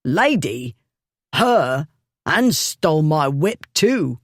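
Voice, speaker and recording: A man voicing a coarse drunken male bully who shouts and gasps crude slang. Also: fairly high pitch, big pitch swings, extremely slow, dry recording, clean studio sound, heavily acted. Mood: belligerent.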